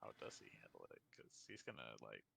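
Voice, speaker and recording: A man's voice: very deep voice, wildly swooping pitch, brisk, creaky, sharp tone, slight background noise. A man playing a tabletop game and describing his character's actions, talking casually and hesitantly, with some swearing. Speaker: player. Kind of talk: casual tabletop role-play.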